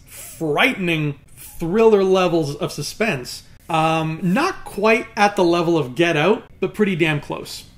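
A young man talks through a film review in a casual, chatty way, full of "you know" and "like". His voice sits somewhat high and leaps higher still when something annoys him. He sounds animated and quick to get exasperated.

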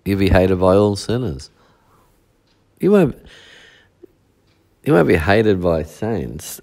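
Slow deep-voiced pastor preaching. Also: male voice, sing-song, a little mellow. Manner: preaching with repetition and rhetorical "eh?". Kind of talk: midweek sermon.

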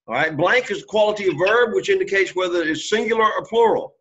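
A man's voice: sits high, fast, fairly bright tone. A man teaching a Greek class, quizzing students and checking in with "okay?" and "right?". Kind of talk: classroom lecture. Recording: lo-fi classroom recording.

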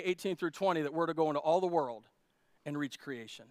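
A male pastor preaching a sermon, animated and humorous, jumping between loud emphasis and quiet asides to his congregation. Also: on the high side, fast, smooth, no room sound, clean studio sound. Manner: humorous, talks directly to the congregation.

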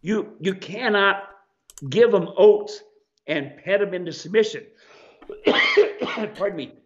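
A man's voice: high voice, slow. A man hosting an advice show on mule training, talking in a casual, folksy way and acting out quoted voices. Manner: animated, acts out animals and people in quoted asides. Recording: dull lo-fi sound.

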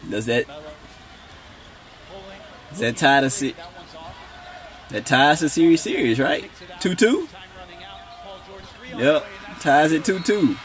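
A man reacting live to a basketball game, slangy and excitable, talking straight to his viewers. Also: fairly high pitch, slow pace, pauses often. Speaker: sports reaction YouTuber.

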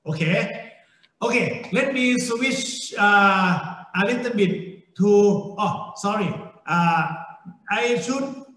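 Slow, high-voiced Thai-accented lecturer, a man. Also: lively intonation, a bit bright, echoey room, low-quality recording. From Thailand. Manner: slow, repetitive, with frequent okays and restarts. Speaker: university lecturer. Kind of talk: online engineering lecture.

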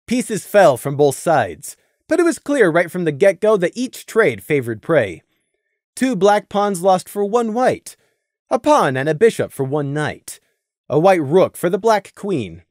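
Very expressive fan audiobook narrator. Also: mid-range voice, dry recording, clean studio sound. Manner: expressive storytelling.

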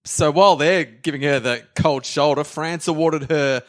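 A man's voice: a little high, moderate pace, fairly bright tone. A man co-hosting a casual history podcast, telling the story in a jokey way and acting out quotes. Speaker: podcast co-host.

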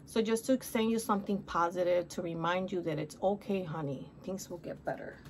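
Her voice on the low side, steady and a little mellow, a middle-aged haul vlogger speaks a little fast in Spanish-accented English amid slight background noise. She chats cheerfully about her purchases and calls viewers honey.

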